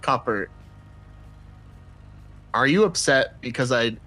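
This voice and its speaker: A man streaming a role-play game, talking in a dry, deadpan way. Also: medium pitch, slow. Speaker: streamer playing a character. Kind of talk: casual role-play chat.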